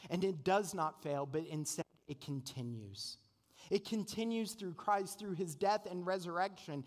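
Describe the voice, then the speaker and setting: A man delivers a sermon in a high voice full of expressive rises and falls. He sounds earnest and conversational, often putting rhetorical questions to his listeners. His words carry a long reverb from a large church sanctuary. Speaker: pastor.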